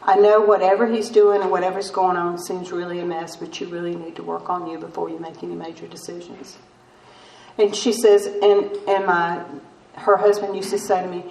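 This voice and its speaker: A woman's voice: on the low side, steady tone, brisk, vocal fry, darkish tone. Older woman telling her story in an echoey hall. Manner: self-mocking storytelling with laughs. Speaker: AA speaker. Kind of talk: recovery meeting talk. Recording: roomy distant mic with faint noise.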